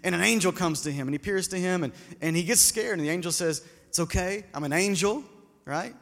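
High-voiced pastor preaching. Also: male voice, brisk, vocal fry, fairly bright tone. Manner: conversational preaching, asks the congregation questions, repeats words when restarting. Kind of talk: sermon. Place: church hall with a congregation. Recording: long hall reverb.

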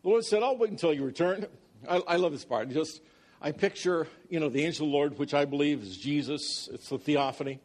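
A man's voice: a little high, a little fast. A man preaching a sermon, reading scripture aloud dramatically and breaking off for jokey, conversational asides to the congregation. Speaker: pastor.

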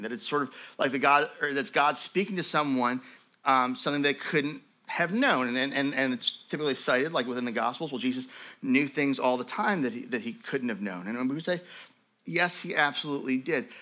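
A man teaching a sermon as pastor, telling stories in a lively conversational way with frequent asides to his listeners. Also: medium pitch. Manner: animated storytelling, conversational asides.

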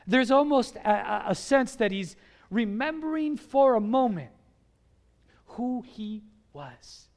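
A man's voice: extremely high pitch, animated, normal speed, a little mellow, in a large hall. A man preaching a sermon in a conversational, earnest way, telling a scripture story and urging the congregation. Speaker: pastor.

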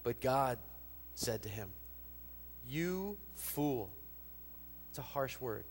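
A man preaching as pastor, expressive, acting out quoted lines with lifted emphasis. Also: medium pitch, normal speed. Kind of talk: sermon. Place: church sanctuary. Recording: long reverb of a large hall.

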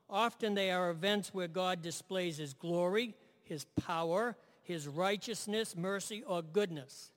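A man's voice: high-pitched, fairly bright tone, big-room sound. A man preaching a sermon in a conversational way, asking his listeners "right?" and repeating key phrases.

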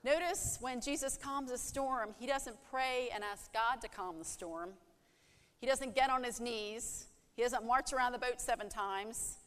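A woman's voice: a little high, measured pace, fairly bright tone, clean tone, big-room sound. A woman preaching a sermon in an earnest way, asking rhetorical questions and acting out heartfelt prayers.

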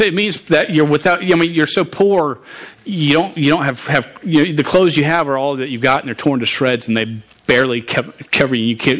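A man with a mid-range, fairly bright voice delivers a conversational sermon. His speech is halting, full of stumbles and restarted words, and he keeps putting questions to the congregation.

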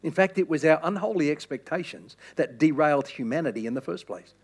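High-voiced emphatic preacher man. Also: animated, brisk. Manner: emphatic preaching with repeated phrases and restarts. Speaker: pastor. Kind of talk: sermon.

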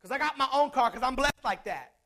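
A man's voice: very high voice, expressive, brisk, sharp tone. A man preaching a sermon in a conversational way, mixing scripture with jokes and asides.

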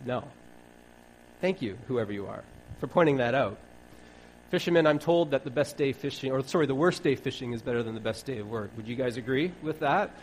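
Animated wry male preacher. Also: medium pitch, a little fast, a little hiss or hum, low-quality recording. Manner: wry, conversational, acts out dialogue. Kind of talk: sermon.

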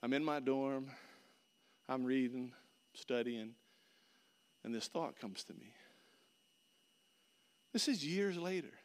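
A man preaching a sermon, telling a personal story with lively swings between loud outbursts and hushed, earnest passages. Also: medium pitch, slow, long pauses. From Florida. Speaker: pastor.

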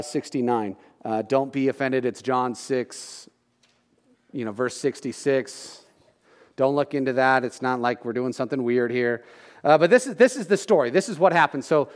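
Casual preacher man in a reverberant hall. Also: fairly high pitch. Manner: conversational, joking asides, acts out crowd voices. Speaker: pastor. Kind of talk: casual sermon.

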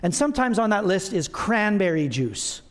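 A man's voice: sits high, sing-song, moderate pace, fairly bright tone, long reverb tail. A middle-aged man preaching a sermon to his congregation in a conversational, self-deprecating way, with asides of humor. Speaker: pastor. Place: church sanctuary.

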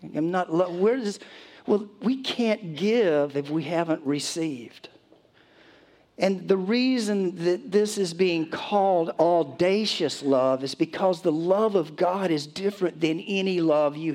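A middle-aged man preaching a sermon as pastor, reading scripture slowly and deliberately, then talking to the congregation in a conversational way. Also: sits high, darkish tone.

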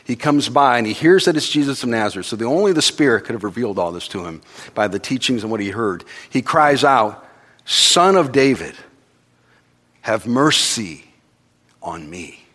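A man preaching a sermon in a conversational way, rising to loud urgent passages and dropping to quiet intimate ones. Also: medium pitch, expressive, fast talker.

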